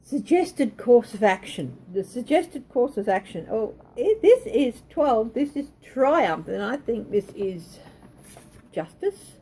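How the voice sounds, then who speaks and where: Woman tarot reader, unhurried and hesitant, with a husky voice. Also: on the high side, very animated, mellow. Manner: hesitant, self-correcting. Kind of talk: thinking-aloud tarot reading.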